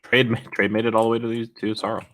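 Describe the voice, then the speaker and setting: A man's voice: fairly low pitch, flat delivery, very fast, fairly bright tone. A man co-casting a board game stream, laid-back and jokey. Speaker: co-caster. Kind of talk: casual board game commentary.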